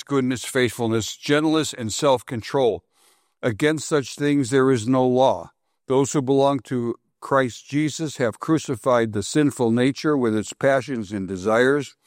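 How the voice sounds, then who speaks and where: A man's voice: medium pitch, no room sound, clean studio sound. A man preaching a sermon to his congregation, repeating phrases for emphasis and putting questions to the listeners. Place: congregation hall.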